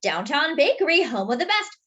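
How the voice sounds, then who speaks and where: A woman voicing a male baker who talks in a calm, plain-spoken way. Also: high-pitched, fairly quick, highs cut off, voice pushed up, full character voice. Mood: matter-of-fact. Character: matter-of-fact male baker.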